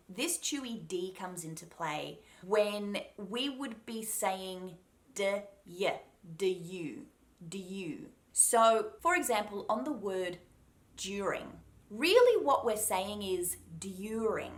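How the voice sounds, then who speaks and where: Slow-talking Australian woman accent coach. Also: mid-range voice, very animated. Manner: slow, deliberate, repeats sounds to demonstrate. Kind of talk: pronunciation lesson.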